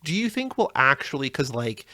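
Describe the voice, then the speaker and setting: A man's voice: mid-range voice, very animated, brisk, pushed and bright, no echo. A man co-hosting a podcast, chatting casually, asking questions and thinking aloud. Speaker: podcast co-host. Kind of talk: casual chat.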